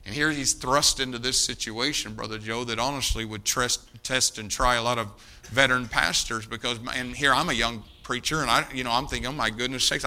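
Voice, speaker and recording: A male preacher telling a story in a sermon, emphatic and dramatic, dropping to a hush in prayer. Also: medium pitch.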